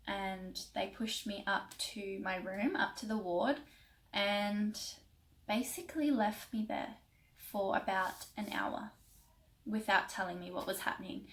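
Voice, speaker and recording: An emotional young woman, a vlogger, tells a story casually, rambling with many fillers. Her voice is mid-range with a fairly bright tone, and the audio is poor.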